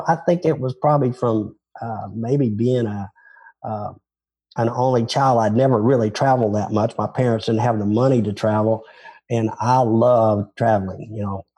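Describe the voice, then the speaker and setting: A man's voice: mid-range voice, warm tone, slightly rough. An older man from Tennessee with a Southern accent, telling rambling, self-deprecating stories about his golf career in an interview. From Memphis, Tennessee. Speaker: former touring golf pro, interviewee. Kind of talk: casual interview storytelling.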